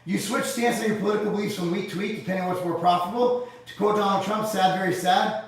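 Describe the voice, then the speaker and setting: Man hosting a live Q&A, fairly high-voiced, blunt and sarcastic, profane, sitting back from the mic in a very echoey room. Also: steady tone, fast, far from the mic. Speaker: livestream host reading viewer comments. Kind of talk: casual live Q&A.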